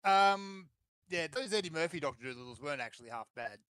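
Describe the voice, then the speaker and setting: A man's voice: on the high side, expressive, a little fast, a bit bright, clean tone, no room sound. A man, chatting casually as a podcast co-host, easygoing and plainspoken. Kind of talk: casual chat.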